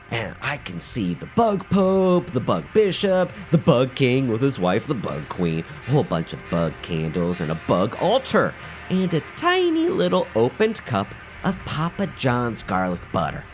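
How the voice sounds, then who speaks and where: A man telling an absurd comic story with a wildly swooping, exaggerated delivery. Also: mid-range voice.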